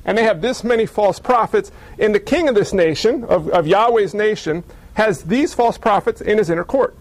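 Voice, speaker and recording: A male pastor with a notably high voice delivers a lively sermon. He tells the story with humor and slips into mocking character voices. The sound is dry and close. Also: moderate pace, dry recording.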